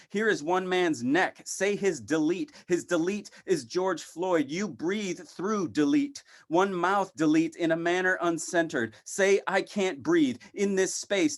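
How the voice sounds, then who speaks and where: A poet giving a poetry reading, speaking in short, halting phrases broken by pauses and repeating words like a refrain. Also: male voice, fairly high pitch.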